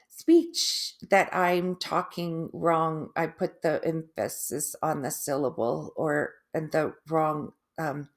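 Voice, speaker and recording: A middle-aged woman talking in a casual personal video, halting, with restarts, long pauses and drawn-out, oddly stressed syllables. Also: deep voice. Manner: laughs softly at herself. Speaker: vlogger sharing her stroke recovery.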